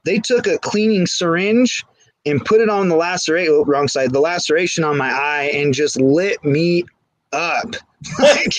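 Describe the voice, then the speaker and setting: A man's voice: fairly high pitch, moderate pace, dry recording, rough recording. Candid man telling a rambling story. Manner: candid, rambling, frequent restarts. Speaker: guest. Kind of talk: casual storytelling. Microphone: phone.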